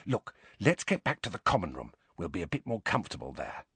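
A man's voice: sits low, huge pitch swings, brisk, fairly bright tone, breathy edge, no echo, exaggerated voice. A man voicing a bookish, know-it-all teenage schoolgirl witch in an audiobook, speaking earnestly and a bit bossily. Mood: concerned. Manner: earnest, explaining, a bit bossy. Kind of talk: audiobook character voice.

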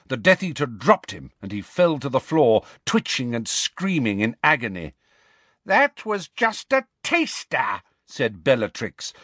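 A man narrating an audiobook in a measured, dramatic storytelling manner. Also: mid-range voice, fairly bright tone, husky, no room sound.

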